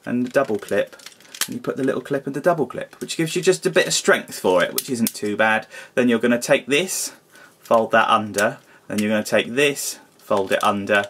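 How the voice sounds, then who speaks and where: A man's voice: mid-range voice, normal speed, fairly bright tone, slight background noise. A man giving a casual hands-on toy review, grumbling and exasperated, with mild swearing.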